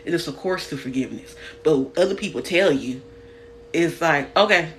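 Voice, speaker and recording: A woman's voice: low voice, expressive, normal speed, soft background music. A woman giving a preachy spiritual monologue on a phone livestream, emphatic and repetitive, frank and swearing casually, sometimes scolding an imagined person directly. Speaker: spiritual content creator.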